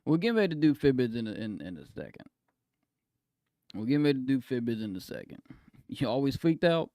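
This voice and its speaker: A man streaming live in casual chat, swinging between soft apologies and loud excited exclaims, laughing and cutting himself off often. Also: mid-range voice, fairly quick, no echo, clean studio sound. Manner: self-interrupting, laughs often.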